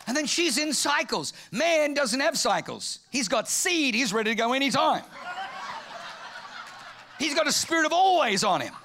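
A man preaching a humorous sermon, telling stories in an animated way and bursting into shouts. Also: very high voice, moderate pace, slight background noise. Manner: animated storytelling, acts out quoted voices, bursts into shouts.

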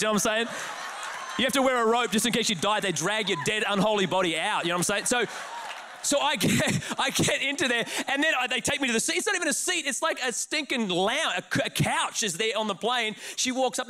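A man with an Australian accent preaches in a high, bright voice. He tells a comic, self-mocking story with lots of energy and quick asides. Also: slight background noise. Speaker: pastor.

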